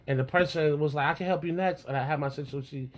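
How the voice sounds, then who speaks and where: A man's voice: on the high side, quick pace. A man hosting a podcast, telling a brash, self-mocking story in casual chat. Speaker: podcast host.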